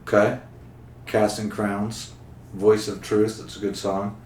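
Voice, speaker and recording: A man's voice: lowish voice, little pitch movement, slow, a little mellow. A young man hosting a casual podcast interview, playful and rambling as he quizzes his guests. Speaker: podcast host. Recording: roomy recording with faint background hum.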